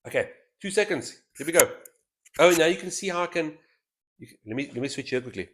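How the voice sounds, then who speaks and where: A man's voice: fairly high pitch, lively intonation, fast talker, a bit bright. A man hosting a solo board game stream, thinking aloud as he weighs each move in casual commentary on a headset mic. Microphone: headset mic with a straw-like boom.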